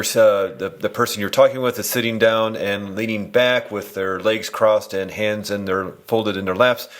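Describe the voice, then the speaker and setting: A man's voice: on the low side, fairly bright tone. A man hosting a podcast interview, asking questions in a hesitant way with restarts. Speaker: podcast host.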